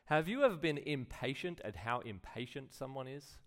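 A man's voice: mid-range voice, lively intonation, normal speed, a bit bright. A man preaching a sermon in a conversational way, full of rhetorical questions and acted-out quotes. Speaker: pastor.

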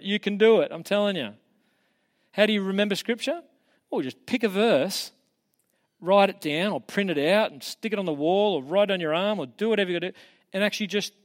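Earnest man preaching. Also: a little high. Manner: earnest, conversational, encouraging. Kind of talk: casual teaching talk.

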